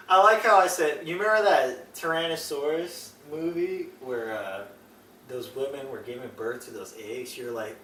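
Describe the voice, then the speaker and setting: A young man chats casually with a friend in an echoey room. He rambles through stories in a bright, lively voice and is picked up from a distance, with faint noise underneath. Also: medium pitch, moderate pace. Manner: rambling, laughs often, acts out scenes with shouts. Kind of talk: casual chat.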